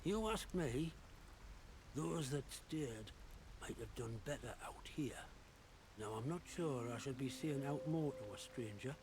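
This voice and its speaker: Casting: a gossipy, suspicious game survivor, gravelly and bright, lively in pitch. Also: male voice, a little slow, noisy background. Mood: wary chatter. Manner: rambling, gossipy, suspicious of strangers. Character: wary, chatty male survivor of a sealed quarantine zone. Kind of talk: video game dialogue.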